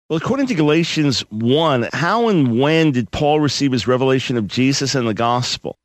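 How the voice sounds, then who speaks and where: A man's voice: mid-range voice, animated, normal speed, hardly any pauses, over music. A man hosting a call-in radio show, teaching from the Bible in an earnest, emphatic and conversational way into a studio microphone. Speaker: radio talk show host.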